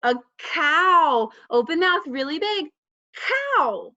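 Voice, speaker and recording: A high-pitched, bright woman's voice swooping up and down as she teaches small children. She talks slowly in an exaggerated, encouraging sing-song and praises often. The recording sounds dull and lo-fi. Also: expressive. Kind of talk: child-directed lesson.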